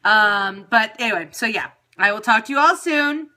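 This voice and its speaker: A woman chats casually into her phone from home, frank, profane and quick to make fun of herself. Her voice sits a little high and rings bright and sharp. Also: expressive. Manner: candid, profane, self-mocking. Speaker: livestream host. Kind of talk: casual chat. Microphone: phone livestream.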